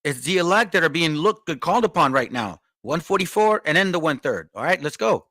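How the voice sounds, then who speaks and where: A man exhorts his listeners to follow the commandments in an earnest, preaching tone. His voice is high and bright, and it is recorded dry and close with no room around it. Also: sing-song, brisk, dry recording. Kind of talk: religious exhortation.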